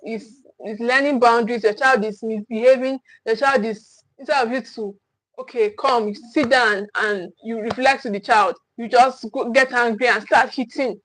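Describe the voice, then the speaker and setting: Woman, parent coach, emphatic and repetitive, slightly high voice. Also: no room sound, poor audio. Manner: emphatic, repetitive restarts, acts out scolding parents. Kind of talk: teaching talk to camera.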